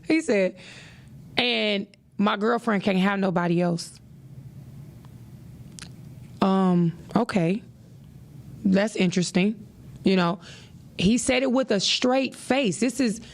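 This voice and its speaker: A woman's voice: mid-range voice, slow pace, pauses often. A woman hosting a podcast who gives relationship advice in a casual monologue. She talks in a preachy, emphatic way, repeats her points and uses plenty of "you know". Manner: conversational, peppered with "you know". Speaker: podcast host.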